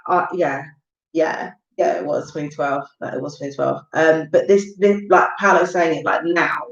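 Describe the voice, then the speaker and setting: A woman, rambling casually through stories on a livestream. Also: on the low side. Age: 30s. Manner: chatty, rambling storytelling with lots of fillers. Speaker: live-stream host. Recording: roomy, distant, dull home recording.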